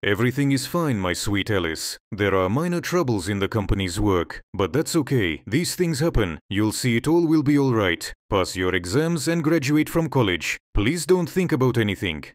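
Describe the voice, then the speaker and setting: A man's voice: medium pitch, very animated, moderate pace, hardly any pauses, no room sound, studio quality, natural voice. A man voicing a young boyfriend who soothes his girlfriend and evades her questions. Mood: reassuring. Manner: soothing, evasive. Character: reassuring young boyfriend hiding trouble.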